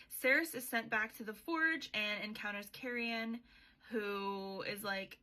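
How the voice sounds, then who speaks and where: A woman's voice: mid-range voice, measured pace, pushed and bright. A young woman hosting a podcast, recapping a book in a chatty, sweary way with sarcastic asides. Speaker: podcast host.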